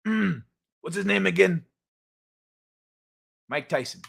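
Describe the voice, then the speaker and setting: A man's voice: fairly high pitch, animated, a little slow, pauses often, pushed and bright. A man hosting a casual livestream, rambling and joking with his chat. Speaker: livestream host.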